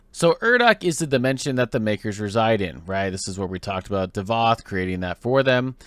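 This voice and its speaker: A man's voice: medium pitch, dry recording. A man hosting a gaming lore video essay, explaining in a conversational way. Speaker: host.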